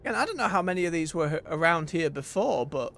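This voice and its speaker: A man's voice: a little high, sing-song, quick pace, vocal fry, a bit bright, a little hiss or hum. A man streaming an online role-playing game, chatting casually and thinking aloud as he plays. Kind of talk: casual live-stream commentary. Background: game music.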